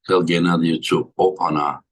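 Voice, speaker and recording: A man's voice: low-pitched, little pitch movement, moderate pace. A tired man hosting a livestream in casual chat, greeting his viewers by name one after another. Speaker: livestream host.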